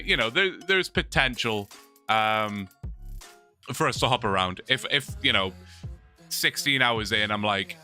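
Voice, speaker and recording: A man's voice: mid-range voice, pushed and bright. A young man chatting casually on a long livestream, rambling, reading chat and laughing often, his mouth sore from talking.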